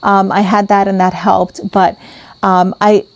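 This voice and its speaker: A woman's voice: mid-range voice, little pitch movement, measured pace, no room sound, dull audio. A woman vlogging casually to camera about her weight loss as a mother, candid and full of ums and restarts.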